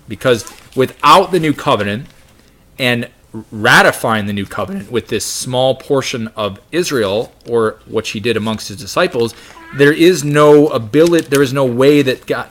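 A man's voice: mid-range voice, a bit bright. A man teaching a Bible study in a conversational way, reading scripture aloud and explaining it with frequent asides.

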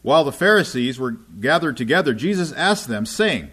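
A man's voice: medium pitch, big pitch swings, moderate pace, a bit bright, breathy edge. Male preacher, mid-range voice, chatty teaching delivery that checks in with listeners. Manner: checks in with listeners often, asking "right?" and "okay?". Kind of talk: conversational Bible teaching.

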